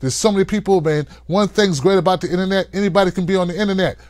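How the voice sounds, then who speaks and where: A man hosting a live-stream call-in show, talking in a hyped, playful way and hollering shout-outs to viewers. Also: sits high, rapid-fire, dry recording, clean studio sound.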